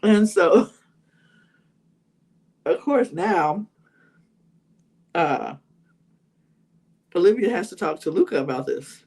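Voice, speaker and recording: A woman's voice: on the low side, expressive, takes it slowly, long pauses, darkish tone, slightly rough. A woman hosting a podcast, casually recapping a reality show, full of "like" and "you know" and acting out what people said. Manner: chatty, full of "like" and "you know", acts out quotes. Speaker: podcast host.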